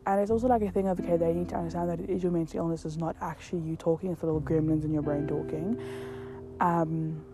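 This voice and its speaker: A woman's voice: on the low side, steady tone, fast talker. A young woman from South Africa talking candidly in a casual podcast monologue, swearing freely and filling her talk with "like". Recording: guitar music playing behind. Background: guitar music.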